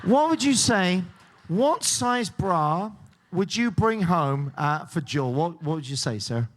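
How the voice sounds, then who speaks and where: Lively joking game show host man. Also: high-pitched, takes it slowly, a little hiss or hum. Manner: joking, teasing contestants, laughing often. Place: cruise ship show lounge.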